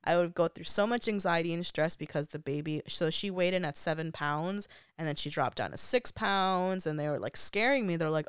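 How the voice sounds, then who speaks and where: A woman's voice: fairly low pitch, a little fast, few pauses, clean tone, dry recording, studio quality. A young woman vlogger telling a personal story in a casual, chatty way, full of "like" fillers and frequent laughs. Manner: laughs often while talking.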